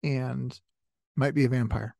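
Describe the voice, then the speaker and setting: Slow, playful comedy host, dry sound. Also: male voice, medium pitch, steady tone, gravelly, mellow, no room sound. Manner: jokey, laughs often between lines. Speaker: host of a comedy game show. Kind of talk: playful improv hosting.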